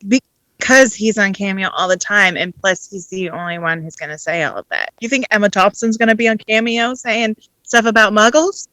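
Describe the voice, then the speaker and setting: Woman co-host, bright lively voice, blurts quick guesses, dry sound. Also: medium pitch, dry recording, rough recording. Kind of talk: casual comedic chat.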